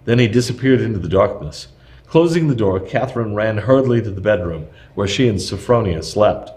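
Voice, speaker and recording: Low-voiced man reading history aloud. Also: expressive, fairly quick, darkish tone. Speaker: narrator.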